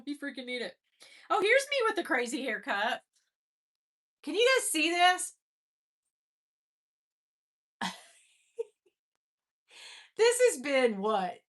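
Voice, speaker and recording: A woman's voice: high-pitched, huge pitch swings, slow, long pauses, a bit bright. A middle-aged woman hosting a casual livestream, chatting and laughing as she scrolls through old photos, her nose stuffy after crying. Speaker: livestream host.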